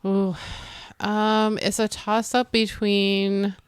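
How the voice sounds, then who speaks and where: A woman's voice: mid-range voice, level tone, drawn-out words, clear, resonant tone, dry recording. A woman from Nebraska co-hosting a podcast in casual chat, agreeable, with short replies and easy laughter. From Nebraska, USA. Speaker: podcast co-host.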